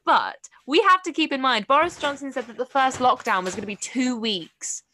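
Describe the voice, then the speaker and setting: A woman's voice: high voice, moderate pace, sharp tone, slight background noise. A young woman co-hosting a podcast, chatting casually with many fillers. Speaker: podcast co-host. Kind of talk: casual chat.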